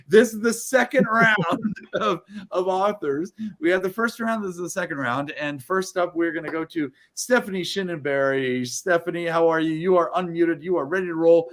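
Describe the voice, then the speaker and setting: Guy hosting a book launch on a video call, kinda high voice, super hyped, rambles and jokes around. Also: normal speed, a bit bright. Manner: exuberant, rambling, jokey, with frequent restarts. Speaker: host of an online book launch.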